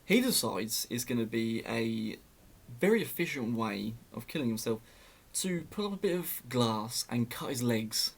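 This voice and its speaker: A man's voice: medium pitch, big pitch swings, a little slow, creaky. A young man telling a story in a casual, sarcastic way, often laughing at it.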